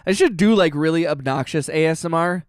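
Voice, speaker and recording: A man hosts a casual livestream, reading out chat and cracking sarcastic jokes. His voice is a touch high and very smooth. It is recorded close to the mic with a dry, roomless sound. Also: brisk, dry recording. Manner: joking, sarcastic, reads chat aloud. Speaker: livestream host. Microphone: close mic on stream.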